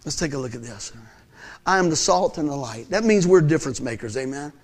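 High-voiced animated male preacher. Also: brisk. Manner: animated storytelling with laughter and loud peaks. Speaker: pastor. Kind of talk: sermon.

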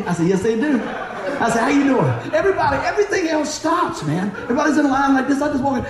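Animated high-voiced preacher in echoey hall. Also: male voice. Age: 40s. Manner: animated, laughs often, acts out voices in stories; talks fast. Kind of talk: sermon with personal stories. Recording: very echoey room.

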